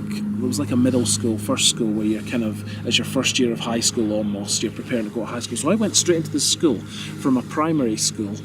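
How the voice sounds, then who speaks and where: A man in his thirties with a soft, well-spoken Scottish accent, reminiscing in a rambling, self-correcting way and chuckling often. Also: medium pitch, background noise. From Scotland. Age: 30s. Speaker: vlogger. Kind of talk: casual reminiscing monologue. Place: outdoors.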